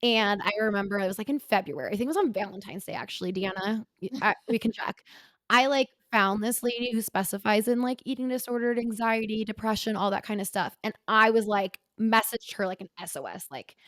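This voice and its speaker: A woman in her twenties, a podcast co-host, talking candidly about her past in a halting, earnest way with many filler words. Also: mid-range voice, a bit bright, no echo. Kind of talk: candid personal conversation.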